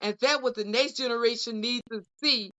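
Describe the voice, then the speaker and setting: Her voice sits on the high side with a sharp tone, and she talks fairly quickly. As a co-host representing a union caucus, she delivers heartfelt closing remarks on a podcast panel, emotionally repeating phrases like a preacher. The audio is dull and lo-fi.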